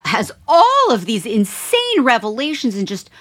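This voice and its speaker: Slow, expressive woman host. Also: fairly high pitch. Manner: expressive, empathetic questioning. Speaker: interview host. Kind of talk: interviewing a guest.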